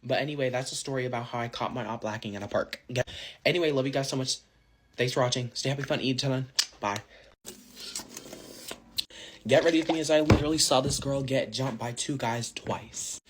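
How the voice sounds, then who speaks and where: A man's voice: medium pitch, quick pace, background noise. A man telling a casual storytime to his followers, slangy and rambling, full of fillers. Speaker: social media storyteller.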